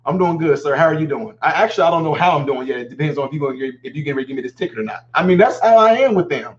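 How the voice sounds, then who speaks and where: Man hosting a call-in, high voice, rapid talk, slightly muffled sound, acts out quotes. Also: animated. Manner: fast, emphatic, acts out quotes. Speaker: host of a live call-in show.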